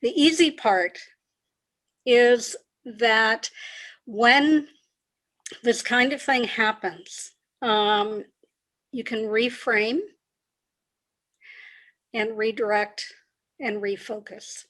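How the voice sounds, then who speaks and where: A woman executive coach, a podcast guest, explaining ideas in a measured way and repeating key phrases. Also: a little high, steady tone, a bit bright. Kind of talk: conversational interview.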